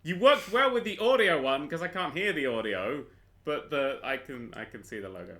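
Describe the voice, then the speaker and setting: Animated man hosting a podcast. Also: on the high side, moderate pace. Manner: animated, rambling, swears freely. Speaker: podcast host. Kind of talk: casual chat. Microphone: desk mic, clicky keyboard nearby.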